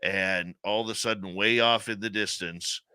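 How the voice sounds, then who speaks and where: A man hosting a radio talk show, telling stories in a lively, chatty way. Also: lowish voice, moderate pace, smooth, no room sound. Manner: animated storyteller, laughs easily. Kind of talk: casual radio talk, storytelling.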